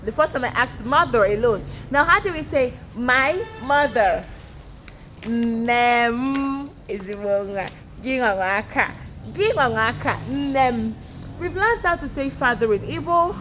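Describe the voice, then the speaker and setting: A woman teaching a playful beginner language lesson, drawing out words slowly and repeating them for learners, recorded outdoors. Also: high voice, lively intonation, pushed and bright, soft background music.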